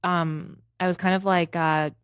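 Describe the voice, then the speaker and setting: A woman's voice: lowish voice, a little slow, clean tone, no echo. A young woman co-hosting a podcast, telling stories in casual chat, acting out what people said and sometimes stumbling over her words. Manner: storytelling, animated, acts out quotes, stumbles over words. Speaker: podcast co-host.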